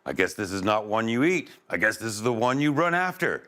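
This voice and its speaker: A man voicing a big, hungry, battle-scarred male bear who muses aloud, slow and greedy. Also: lowish voice, sing-song, pushed and bright. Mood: puzzled.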